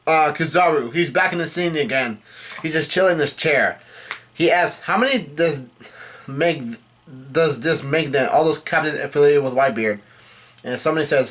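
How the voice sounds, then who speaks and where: A man with a fairly high, fairly bright voice recaps a manga chapter casually. He voices the characters' lines in a plain way, hesitating and correcting himself frequently.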